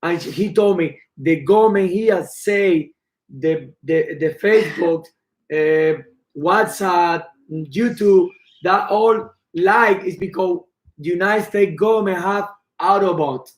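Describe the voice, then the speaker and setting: A man's voice: high voice, takes it slowly, poor audio. Man speaking broken English. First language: Spanish. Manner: broken English, blunt, swears.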